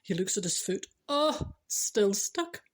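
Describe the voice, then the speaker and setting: Husky-voiced Scottish woman, chatty. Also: mid-range voice, very animated, slow. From Scotland. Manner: chatty, giggly, asides to the viewer. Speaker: vlogger telling funny stories. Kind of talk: casual storytelling.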